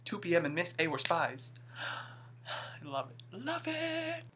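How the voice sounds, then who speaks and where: A young man reacting excitedly to a music video, gushing and exclaiming as he goes. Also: a little high, measured pace, slight background noise. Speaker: YouTube reaction vlogger.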